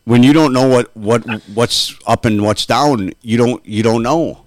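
A man's voice: medium pitch, a little slow, dry recording. A man co-hosting a podcast, chatting casually, asking questions and summing things up. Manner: asks questions, sums things up. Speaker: podcast co-host. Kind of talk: casual chat.

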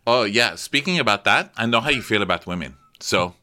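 Bright, sarcastic male podcast host. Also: lowish voice, animated, brisk. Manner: chatty, sarcastic, laughs often. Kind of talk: casual comedic recap.

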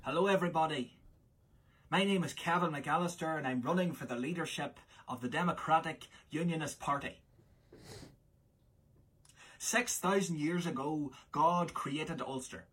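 A pompous male politician with a raised, breathy voice, as a man puts him on. He speaks slowly and grandly, as if addressing the nation. The voice sounds soft and distant. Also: a little high, pitched above the performer's own voice. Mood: grandiose. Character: pompous male politician giving a campaign video.

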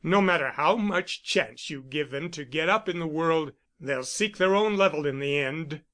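A man's voice: on the high side, moderate pace, a bit bright, close to an everyday voice. A man reading the part of a persuasive, insistent suitor who speaks with urgent, coaxing force.

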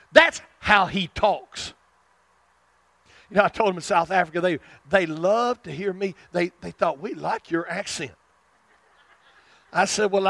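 A man from South Arkansas with a Southern accent, preaching a sermon and swinging between loud fervent stretches and hushed tender ones. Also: sits high, creaky, no room sound. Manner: chuckles at his own asides.

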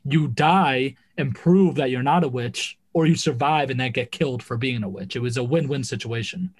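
Laid-back guy on a podcast, says like a lot, kinda halting, just chatting. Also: mid-range voice, slightly rough. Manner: easygoing, halting, lots of "like". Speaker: podcast co-host. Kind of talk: casual chat.

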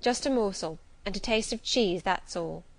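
Woman reader doing a guarded middle-aged servant woman, cool, demure, measured, mid-pitched. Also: no echo, lightly acted. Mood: offhand.

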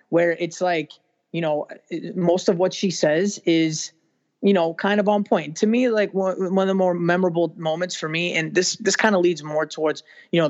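A man co-hosting a podcast, talking casually and haltingly with many fillers. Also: high voice, highs cut off. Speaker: podcast co-host.

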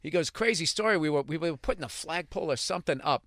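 A man's voice: a little high, lively intonation, fast talker, fairly bright tone, no echo, studio quality. A man hosting a casual conversation, telling stories with animation and casual swearing. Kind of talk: casual chat.

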